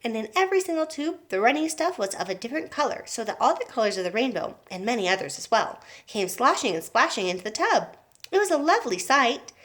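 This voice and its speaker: Teacher lady reading a kids book out loud, voice goes up and down a lot. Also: fairly high pitch, fast talker. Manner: expressive, lively storytelling. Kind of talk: reading a book aloud to children.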